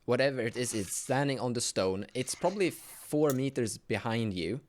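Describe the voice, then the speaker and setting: A man running a tabletop horror game as game master, narrating in a halting way and searching for words. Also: mid-range voice, expressive, a little hiss or hum.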